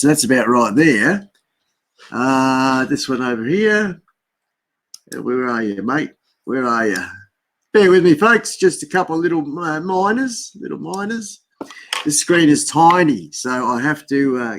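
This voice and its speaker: An Australian man hosting a casual live stream, chatting and rambling to himself while he adjusts his camera and screens. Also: medium pitch. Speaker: livestream host.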